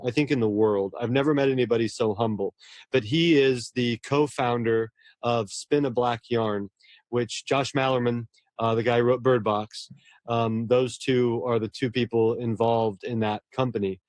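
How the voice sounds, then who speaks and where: A man's voice: mid-range voice, darkish tone, no room sound, studio quality. A man, a horror novelist, talking earnestly and at length in a casual interview, often restarting his words.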